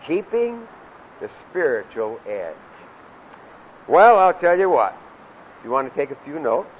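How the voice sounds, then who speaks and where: Older preacher man, lo-fi sermon tape. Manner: swings from loud emphatic lines to low asides, leads congregation in recitation. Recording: dull lo-fi sound with faint hiss.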